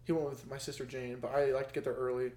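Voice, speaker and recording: A man's voice: mid-range voice, level tone, quick pace, mellow, reverberant. A young man, a podcast guest, casually telling his side of a story and correcting details with a chuckle. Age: young adult.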